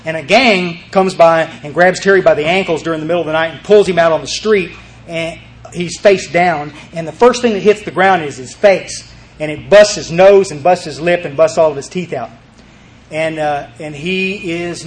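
High-voiced man telling a recovery story. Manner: emphatic, rambling, with repeated words and restarts. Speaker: recovery meeting speaker. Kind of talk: storytelling talk to a group.

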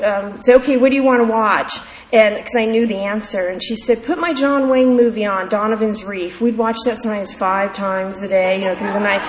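A woman's voice: mid-range voice, a little mellow. A woman candidly sharing her personal recovery story at a meeting, in a heartfelt storytelling manner. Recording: echoey hall with faint background noise.

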